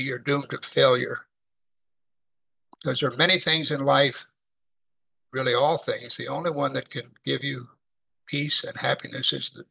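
A man preaching a sermon, teaching from the Bible in a conversational, animated way. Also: medium pitch, creaky, rough recording.

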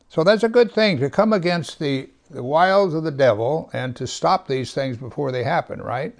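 This pastor's voice is fairly high and expressive, with a gravelly edge, as he teaches scripture without hurry. He leans hard into every verse he reads and lets his voice drop nearly to a whisper in quiet stretches.

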